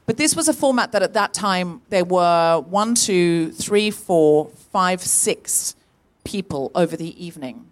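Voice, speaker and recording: A woman's voice: lowish voice, measured pace. Woman telling a story on a live stage. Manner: animated storyteller, acts out quoted voices. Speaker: podcast co-host. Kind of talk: live comedy podcast storytelling.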